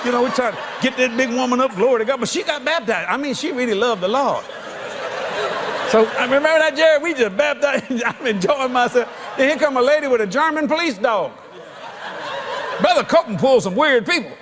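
A man who is a traveling evangelist, telling a comic story in a folksy, animated way, laughing and bursting into shouts. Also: very high voice, fairly quick. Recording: noisy background.

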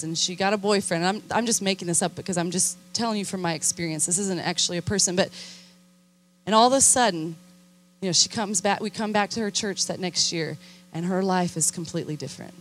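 A young adult woman, a youth minister, preaching a sermon in an animated, emphatic way and calling for responses from her listeners. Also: medium pitch, fairly quick, a little hiss or hum.

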